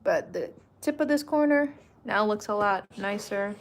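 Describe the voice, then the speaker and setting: A woman walks through her craft project in an easy, musing way, speaking casually as she works. Her pitch sits in a middle range. A faint hum of room noise is audible behind her voice. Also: normal speed, creaky. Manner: relaxed, thinking aloud while working. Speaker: crafting vlogger.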